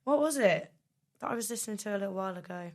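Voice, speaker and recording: A woman's voice: mid-range voice, animated, very fast. A woman guest on a podcast in casual chat, playful and teasing, trying out accents.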